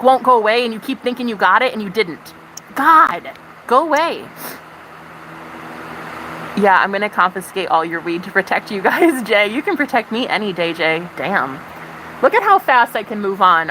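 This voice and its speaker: A woman livestreamer ranting to her chat in casual, profane, animated talk. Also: mid-range voice, a little hiss or hum, poor audio.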